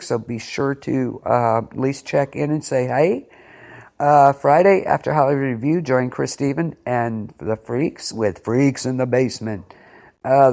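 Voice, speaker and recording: A man's voice: medium pitch, darkish tone. Rambling, hesitant male radio host. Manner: rambling, hesitant, full of fillers and restarts; incredulous, keeps saying wow. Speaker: internet radio show host. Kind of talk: casual chat.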